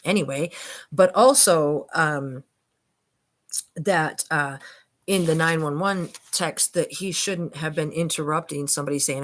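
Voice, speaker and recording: A woman's voice: sits low, a little slow. An older woman vlogger giving casual commentary on documents, chatty and emphatic, often addressing viewers as "you guys".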